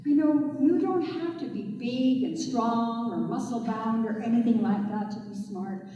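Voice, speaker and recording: A woman storyteller telling tales to schoolchildren, animated and speaking directly to the kids. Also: on the high side, a little slow, highs cut off. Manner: animated, addresses the children directly. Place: school hall or stage. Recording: echoey hall from far off.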